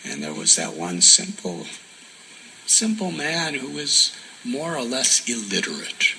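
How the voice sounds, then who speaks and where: Soft-spoken man telling a devotional story. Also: mid-range voice, very animated, slow, gravelly, a little hiss or hum, rough recording. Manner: soft-spoken, drops to near whispers for emphasis. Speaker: spiritual teacher.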